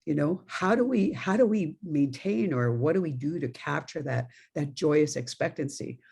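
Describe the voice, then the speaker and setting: A woman's voice: deep voice, animated, moderate pace, vocal fry, darkish tone, husky. A middle-aged woman minister from New York giving a conversational sermon, telling stories with laughing asides. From New York, USA.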